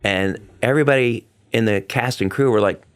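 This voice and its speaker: Middle-aged male stage performer, interview guest; heartfelt, animated storyteller who acts out quotes. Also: medium pitch, a little fast, clear, resonant tone. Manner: excitable, acts out quotes with big vocal swings; earnest and heartfelt.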